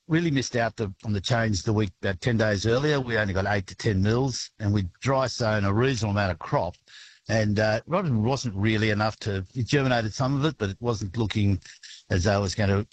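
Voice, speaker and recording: An Australian farmer speaks in a lowish voice, relaxed and unhurried. He stops and restarts his sentences often while answering interview questions. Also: a little hiss or hum, poor audio. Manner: relaxed, halting, many restarts. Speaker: grain farmer. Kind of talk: radio interview.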